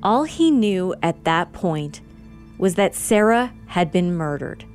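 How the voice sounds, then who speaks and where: Measured woman narrating true crime. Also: lowish voice, sing-song, soft background music. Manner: measured and sober. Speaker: narrator and host.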